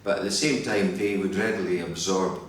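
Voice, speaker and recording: Deep-voiced Scottish man in an echoey hall. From Scotland. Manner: reflective, measured explanations. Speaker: interview guest, fiddler. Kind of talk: live onstage interview. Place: hotel function hall. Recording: very echoey hall from far off, faint hum.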